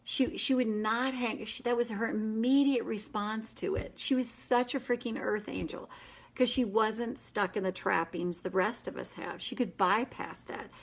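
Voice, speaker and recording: A woman hosting a casual live session, coaching a group in an earnest, gentle and encouraging way, with quick asides. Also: mid-range voice, gravelly, husky. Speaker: inner child tapping coach, host.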